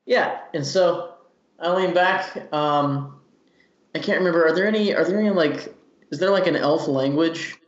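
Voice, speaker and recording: A man's voice: fairly high pitch, moderate pace. A man playing a tabletop game in a joking, laughing way. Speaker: player. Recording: dull echoey room sound.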